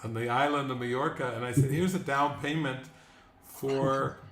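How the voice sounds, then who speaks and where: A man hosting a spiritual talk, speaking in a calm, reflective way. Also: medium pitch, normal speed. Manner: calm, reflective, frequent agreeing. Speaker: host. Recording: roomy with faint noise.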